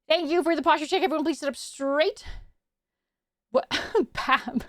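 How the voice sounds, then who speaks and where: A chatty woman hosting a casual live stream, with a high voice and a bubbly, upbeat way of answering her viewers. The sound is dry and close, with no room echo. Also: animated, measured pace, long pauses. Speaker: VTuber streamer.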